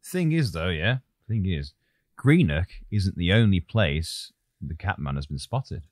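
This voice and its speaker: Low-voiced joking podcast host. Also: male voice, big pitch swings, unhurried, no room sound, studio quality. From English Midlands. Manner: joking, rambling storytelling. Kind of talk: casual podcast chat.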